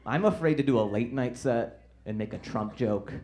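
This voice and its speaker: A man's voice: medium pitch, normal speed, background noise. A man doing observational stand-up comedy in an easygoing manner.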